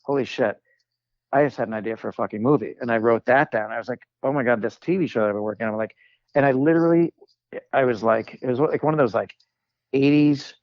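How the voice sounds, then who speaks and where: A man, a comedic actor, tells a long anecdote as a guest on a chat podcast. He rambles with fillers and restarts and slips into quick voices for the people in his story. The sound is close and dry, a bit dull and lo-fi. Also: mid-range voice, no echo. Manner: rambling, many "like"s and restarts, acts out quoted voices.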